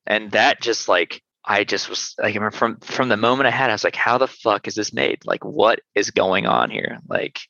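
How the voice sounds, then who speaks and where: A man's voice: fairly low pitch, normal speed, vocal fry, hardly any pauses, sharp tone, dry recording, lo-fi sound. A man who runs a small sour beer brewery, chatting casually in an interview with loose, profane talk and many fillers.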